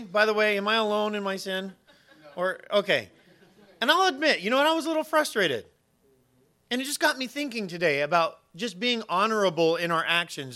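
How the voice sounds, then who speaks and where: A man's voice: high voice, lively intonation, fairly quick, sharp tone. A middle-aged man preaching a conversational sermon with self-deprecating humor. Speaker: pastor.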